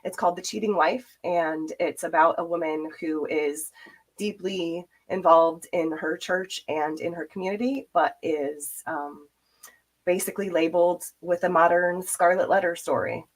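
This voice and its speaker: A woman's voice: on the low side, fairly even intonation, moderate pace, rough recording. A woman author as a podcast guest, describing her novel in a casual chat.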